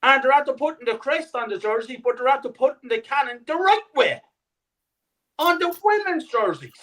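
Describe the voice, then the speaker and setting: A man's voice: extremely high pitch, sing-song, normal speed, a bit bright, rough recording. A man talking as a guest on a fan podcast, indignant and sweary, with emphatic points. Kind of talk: podcast discussion.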